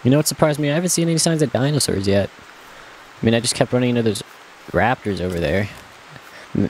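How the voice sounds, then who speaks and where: In this let's-play, a young man's fairly low voice comes with a little hiss or hum behind it. He narrates his gameplay casually, talking to himself in a chatty, jokey, self-mocking way.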